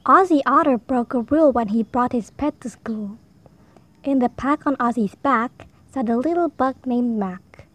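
A woman reading a rhyming picture book aloud for young children, in a slow, sing-song read-aloud manner. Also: on the high side, fairly bright tone. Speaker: storybook reader. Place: home.

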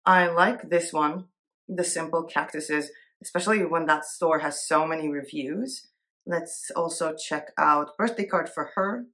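A woman talks her way through a screen-share in an easy, conversational tone. Her voice sits a little low, and she thinks out loud as she goes, often slipping into small giggles. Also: a little slow. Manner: chatty, thinks aloud, giggles easily. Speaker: Etsy seller and art vlogger. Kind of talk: casual screen-share commentary.

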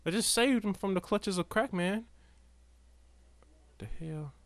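A man's voice: high voice, a little slow, fairly bright tone. A man giving casual, chatty commentary while streaming a video game, talking to his chat and to the characters on screen. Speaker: gameplay streamer. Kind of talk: casual live gameplay commentary.

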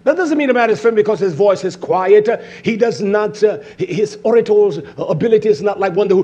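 A high-pitched man with a husky edge preaches a fiery sermon. He drops to a hush, then builds back up, with hallelujahs between points. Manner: preaching with rising and falling intensity, frequent "hallelujah".

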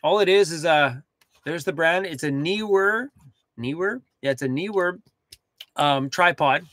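Young male vlogger, upbeat and talkative, fairly high pitch, dry close recording. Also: measured pace, no room sound. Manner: chatty, animated, talks to his dog. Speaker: van life vlogger. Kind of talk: casual livestream chat. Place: inside a cargo van.

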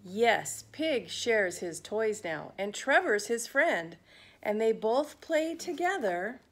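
A woman therapist reading a children's picture book aloud, gently stopping to ask her young listeners questions. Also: fairly high pitch, sing-song, takes it slowly. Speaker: family therapist.

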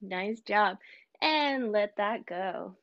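Brief: woman instructor, unhurried encouraging cues, higher voice, slightly muffled sound. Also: animated. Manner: slow, encouraging counting and cues. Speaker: teaching artist. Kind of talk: guided movement warm-up for kids.

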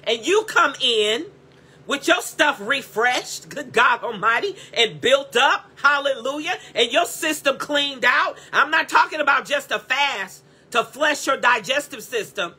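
A woman's voice: high voice, expressive, unhurried, bright, forceful tone, husky. A woman preaching an impassioned sermon as a prophetic teacher, blunt and repetitive, breaking into cries of praise. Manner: blunt, scolding and direct.

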